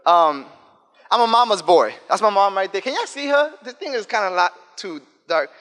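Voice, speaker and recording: A man in his thirties from the South Bronx with an African American English accent, giving an energetic, talkative and joking casual talk to students. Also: high voice, moderate pace. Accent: African American English, New York. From South Bronx, New York. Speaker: guest speaker. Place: school event room. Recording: long reverb hall.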